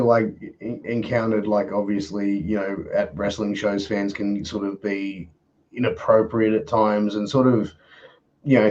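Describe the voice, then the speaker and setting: A man's voice: lowish voice, a little mellow. Aussie guy hosting a podcast, lots of like and you know, muffled lo-fi sound. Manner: halting, filler-heavy questions, swears casually. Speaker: podcast host, interviewer. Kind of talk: casual podcast interview.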